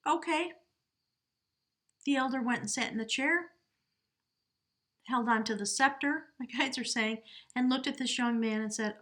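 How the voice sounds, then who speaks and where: A woman's voice: high-pitched, a little slow, pauses often, a bit bright. A woman giving a casual tarot reading to camera, chatty and heartfelt, talking straight to the viewer. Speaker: tarot reader.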